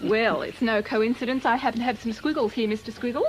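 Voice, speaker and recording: A woman's voice: on the high side, fairly even intonation, quick pace, rough recording. A woman with an Australian accent presenting a children's puppet show, coaxing and giggly. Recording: hissy old VHS tape.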